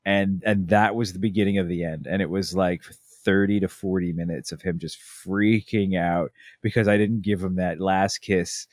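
A man in his thirties co-hosts a relaxed chat, his voice sitting low and recorded close and dry. He tells family stories with energy, jumping into quoted voices along the way. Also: moderate pace, few pauses, dry recording. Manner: animated storytelling, acting out his family's lines. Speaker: podcast co-host. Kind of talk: casual chat.

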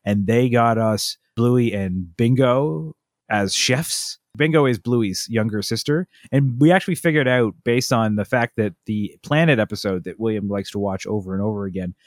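A man's voice: fairly low pitch, normal speed, no echo, clean studio sound. A man, chatting casually as a podcast co-host and telling long stories with many restarts and asides. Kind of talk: casual chat.

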